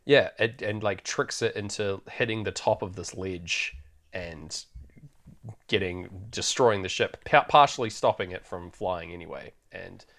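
A man's voice: sits low, unhurried, a bit bright. A man hosting a podcast, chatting loosely through a film recap and laughing often. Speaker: podcast host. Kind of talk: casual film recap chat.

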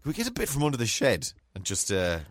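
An Irish man with a Mayo lilt, chatting on a podcast at an everyday middle pitch. He tells stories in a lively, laughing way, full of sudden exclamations. The sound is close and dry. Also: fast talker, no room sound. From Mayo, Ireland. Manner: animated, laughing storyteller with exclamations. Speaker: podcast co-host. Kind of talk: casual chat.

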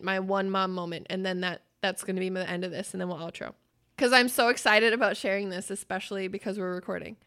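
Bright, clear-voiced woman podcast host. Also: medium pitch. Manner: swearing, storytelling, laughs loudly. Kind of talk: casual chat.

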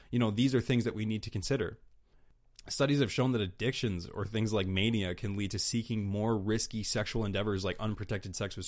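A young man with a slightly low voice, hosting his own podcast in a loose, casual monologue. He talks candidly and bluntly, wandering through thoughts with plenty of fillers, restarts and casual swearing. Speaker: podcast host.

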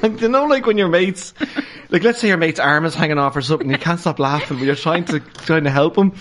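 A man with a Dublin Irish accent, a stand-up comedian and podcast guest, telling stories in an animated way and laughing as he goes. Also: a little high, a little fast, a little hiss or hum. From Dublin, Ireland. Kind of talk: casual storytelling in a podcast interview.

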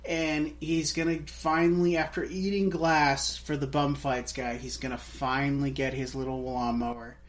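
A man's voice: mid-range voice, level tone, moderate pace, few pauses. A man co-hosting a casual film podcast, rambling through crude jokes. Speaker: podcast co-host. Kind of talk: casual comedic film chat.

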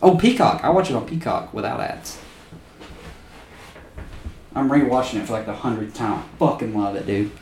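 A man's voice: mid-range voice, animated, normal speed, gravelly, long pauses, darkish tone, echoey room, distant mic, slight background noise. A man co-hosting a podcast in casual chat, enthusiastic and loose, swearing freely as he gushes. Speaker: podcast co-host.

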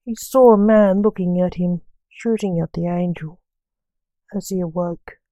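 A woman reading a story aloud with halting phrasing. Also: fairly low pitch, mellow, no room sound, poor audio.

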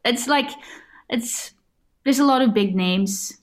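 A woman's voice: a little high, slow pace. Swedish woman, oddly scottish-sounding english, chatty guest, stops and restarts a lot. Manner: searches for words, hesitant restarts. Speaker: band member guest. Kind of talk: casual interview answers.

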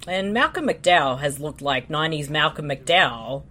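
A woman's voice: deep voice, animated, moderate pace, bright, forceful tone, slight background noise. A woman co-hosting a podcast, chatting bluntly, swearing and laughing often. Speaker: podcast co-host. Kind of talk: casual chat.

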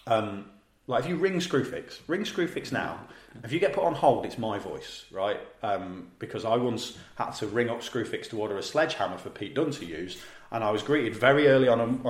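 A man with an East Midlands accent, from Leicester, co-hosting a podcast and telling a long anecdote in a lively, laughing way, with the odd swear. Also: mid-range voice, roomy sound. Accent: East Midlands English. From Leicester, England. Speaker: podcast co-host. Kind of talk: casual storytelling chat.

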